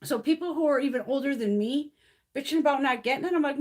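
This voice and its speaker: This woman in her fifties talks quickly in a high-sitting voice while hosting a casual beauty livestream. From her mountain-area home, she rants bluntly and swears all the time.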